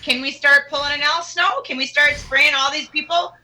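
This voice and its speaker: A woman guest on a radio interview, talking in a casual, animated and mocking way with quick asides. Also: high voice, poor audio. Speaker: guest singer.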